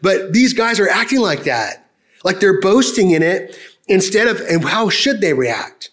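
A man's voice: high voice, very animated, unhurried, a bit bright. A man preaching a sermon in a conversational, emphatic way, often asking the congregation direct questions. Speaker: pastor.

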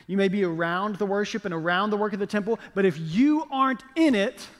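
In the long echo of a big hall, a man preaches a sermon, weaving playful jokes and dramatized asides into his story. His voice is on the high side and moves a little fast.

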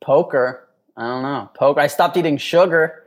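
A man's voice: fairly high pitch, moderate pace. A young man chatting casually on a podcast, swearing a lot and acting out quotes as he tells stories. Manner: profane, animated storytelling with acted-out quotes. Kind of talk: casual chat.

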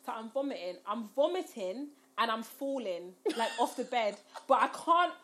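A woman's voice: on the high side, expressive, moderate pace, fairly bright tone, a little hiss or hum. A young woman telling a story in casual chat, acting out the quotes with rising squeals.

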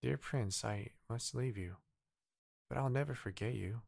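A small, kind and devoted storybook bird speaks earnestly, lifted a little above the narration, as a man with a Korean first language reads it. The voice keeps a gravelly edge and an unhurried pace. The sound is close and dry. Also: mid-range voice, a little mellow, no room sound.

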